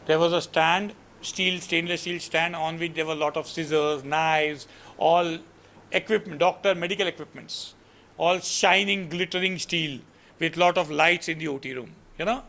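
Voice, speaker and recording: A man's voice: on the high side, steady tone, normal speed, sharp tone. A man with an Indian accent giving a motivational storytelling lecture to students, earnest and full of "you know" asides. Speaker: guest lecturer.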